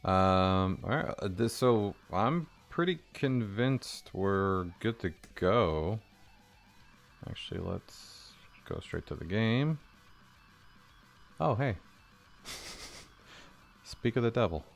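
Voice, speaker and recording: A man developing a game on a live stream, talking to himself and swearing casually, his voice a bit hoarse. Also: on the low side, lively intonation, slow pace, pauses often, soft background music.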